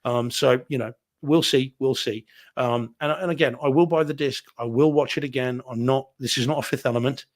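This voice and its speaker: A man chats on a live home theater stream, candid and self-deprecating. He rambles through his opinions with plenty of restarts and stumbles. His voice sits at an everyday middle pitch. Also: fairly quick. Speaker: podcast co-host reviewing movies. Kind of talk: casual live-stream chat.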